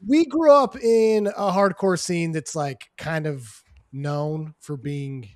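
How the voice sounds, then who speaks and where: A man hosting a podcast interview in a relaxed, joking way, with lots of "dude" and "you know.". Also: on the high side, slow, no room sound, studio quality. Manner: laid-back, joking, says "dude" and "you know" a lot. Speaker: podcast host. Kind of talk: casual chat.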